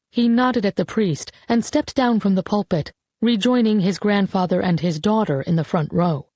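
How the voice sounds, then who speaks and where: A woman narrating a novel as an audiobook in even, measured scripted storytelling. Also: medium pitch, dry recording.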